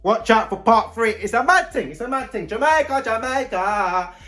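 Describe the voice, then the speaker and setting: Animated man telling a story. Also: very high voice, fairly quick, faint music behind. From London. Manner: slang-heavy and animated, breaking into loud outbursts. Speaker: vlogger. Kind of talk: casual storytime.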